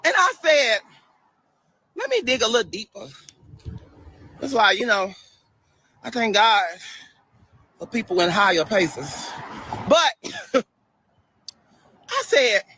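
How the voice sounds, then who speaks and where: A man livestreaming a preachy monologue, loud and animated, sassy and dismissive toward his commenters. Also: high-pitched, slow, long pauses, breathy edge, no room sound, rough recording. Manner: loud and animated, bursts into shouts and laughter.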